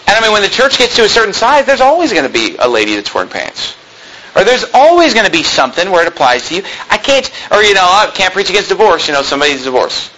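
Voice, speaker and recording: A man's voice: sits high, very animated, fast talker, pushed and bright, rough recording. A male pastor delivering a sermon in a plain-spoken, emphatic way, full of rhetorical questions.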